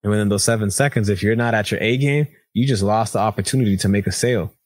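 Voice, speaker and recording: A man's voice: lowish voice, quick pace, no room sound. A man co-hosting a podcast in casual chat, telling stories animatedly, acting out what others said, and laughing often. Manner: animated storyteller, acts out quoted voices, laughs often. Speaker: podcast co-host.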